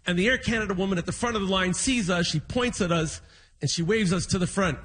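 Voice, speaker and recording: A man's voice: high-pitched, fast talker, low-quality recording. A man doing a stand-up comedy set on a theatre stage, telling a story and acting out his grumpy dad. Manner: animated storytelling, acts out his dad's grumbling.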